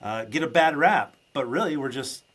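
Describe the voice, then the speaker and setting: A man's voice: mid-range voice, lively intonation, normal speed, a bit bright, husky. Rambling male podcast host. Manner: rambling, restarts often, emphatic. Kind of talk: casual podcast chat.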